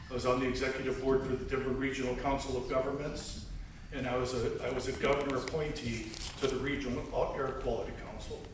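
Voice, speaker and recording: A man from Colorado giving a folksy campaign speech at a candidate forum, stumbling over words now and then. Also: medium pitch. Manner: folksy, halting with restarts. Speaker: political candidate. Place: community hall. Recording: echoey hall, mic from far off, faint noise.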